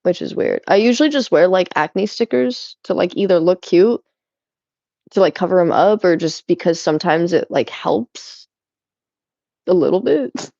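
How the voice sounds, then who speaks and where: A young woman streaming, chatting casually with her chat and swearing a lot, animated and giggly. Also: on the low side, moderate pace, gravelly, no room sound, lo-fi sound. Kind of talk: casual chat reading chat while cleaning.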